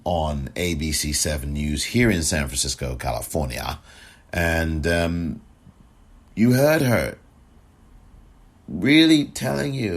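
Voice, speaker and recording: Husky podcast guy going off, indignant commentary, voice swings all over the place. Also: deep voice. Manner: impassioned, indignant, rhetorical questions. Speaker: podcast host. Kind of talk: opinion commentary.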